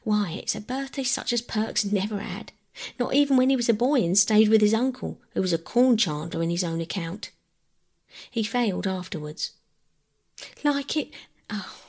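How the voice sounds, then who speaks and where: A woman reading aloud and voicing a talkative working-class mother, rambling in a homely countrified way, with a husky voice. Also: mid-range voice, moderate pace, darkish tone, natural voice. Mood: moved. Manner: chatty, rambling, countrified speech.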